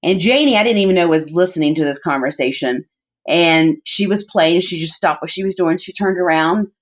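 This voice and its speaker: A woman with a fairly low voice shares family stories as a podcast guest, heartfelt and chatty, her sentences full of "like" and "you know". The audio is dull and muffled. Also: brisk. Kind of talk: personal storytelling in conversation.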